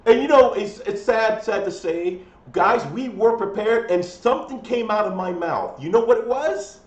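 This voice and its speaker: A man co-hosts a live stream in an animated, joking way. His pitch moves a lot and sits a bit high. His voice rings in a roomy echo. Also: normal speed, dull audio. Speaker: co-host. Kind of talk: casual chat.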